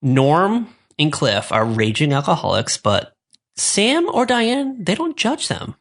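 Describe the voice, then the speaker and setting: A man's voice: fairly high pitch, huge pitch swings, takes it slowly. A man from the Boston area co-hosting a podcast in casual chat, talking expressively with many "like" fillers. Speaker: podcast co-host.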